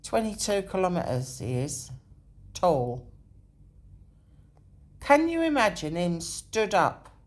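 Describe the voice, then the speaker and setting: A woman's voice: on the low side, sing-song, takes it slowly, long pauses. A woman hosting a video, thinking aloud as she walks through a map. She corrects herself often and sometimes drops into a whisper. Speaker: video host. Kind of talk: rambling walkthrough on a map.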